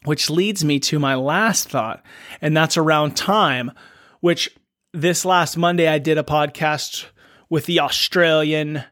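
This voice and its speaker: In a slow-paced solo podcast monologue, a middle-aged man thinks aloud in an earnest, questioning way. His voice is fairly high and fairly bright. The recording is dry and studio quality.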